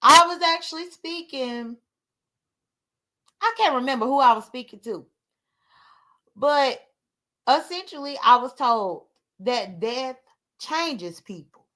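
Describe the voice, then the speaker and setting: A woman's voice: high voice, expressive, slow, pauses often, pushed and bright. A woman, talking candidly and emotionally to her livestream viewers in a rambling way. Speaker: livestream host. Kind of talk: casual livestream talk.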